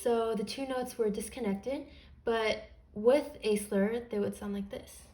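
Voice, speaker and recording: A woman's voice: fairly high pitch, steady tone, measured pace, warm tone. Patient woman teaching music theory. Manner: patient, plain step-by-step explaining. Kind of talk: beginner music theory lesson.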